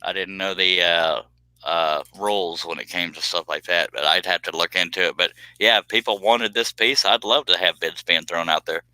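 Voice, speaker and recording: A man's voice: deep voice, normal speed, sharp tone, clean tone, dry recording. A man hosting a woodworking live stream, joking and self-deprecating while he works on a piece. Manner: talks while working on a cut. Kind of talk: casual live-stream chat.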